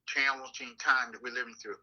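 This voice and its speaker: An older man speaking slowly and deliberately in an interview, pausing on "uh" between thoughts. His voice is very bright and forceful. The audio is dull and lo-fi. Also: mid-range voice, level tone. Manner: measured, deliberate, frequent "uh" fillers. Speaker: city councilman and NAACP president. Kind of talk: interview conversation.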